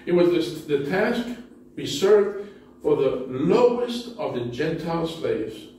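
A man's voice: a little high, very animated, takes it slowly, mellow. A male pastor preaching a sermon in a church sanctuary, telling stories with self-deprecating humor in a conversational way. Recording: very echoey hall, distant mic.

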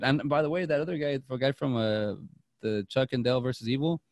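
A man talks through a movie on a podcast at a quick clip, his sentences tumbling over one another as he restarts and corrects himself. The sound is close and dry, with no room around it. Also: mid-range voice, no room sound. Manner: rambling and excitable, piling up restarts. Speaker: podcast co-host. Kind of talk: casual movie chat.

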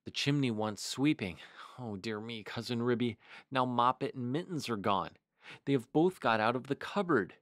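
A man reading aloud and voicing an anxious mother cat, speaking softly and fretfully as if near tears. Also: medium pitch, lively intonation, normal speed, no echo, studio quality, lightly acted. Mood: tearful. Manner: soft, fretful, tearful.

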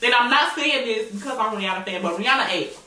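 A woman vlogger chatting casually while she eats, slangy and animated, often repeating herself. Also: a little high, fast talker. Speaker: mukbang and reaction vlogger. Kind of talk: casual chat while eating. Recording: echoey room, mic at a distance, faint noise.

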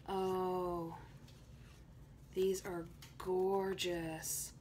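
A woman from Tennessee gushing excitedly as she opens happy mail at home in a casual vlog. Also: mid-range voice, a little slow, slight background noise. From Tennessee, USA. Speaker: planner vlogger.

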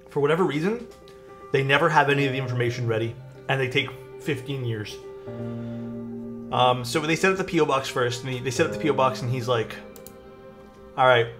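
A young man, a streamer casually telling his chat a story and acting out the people in it. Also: medium pitch. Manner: animated, acts out quoted people. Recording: faint music behind.

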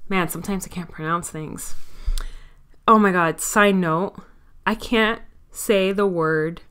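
A woman with a Miami accent hosts a solo podcast in a casual, chatty way. Her voice is smooth and clear, at a middle pitch, and she pokes fun at herself as she talks. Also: unhurried, bright, forceful tone. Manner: chatty, candid and self-mocking. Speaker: podcast host.

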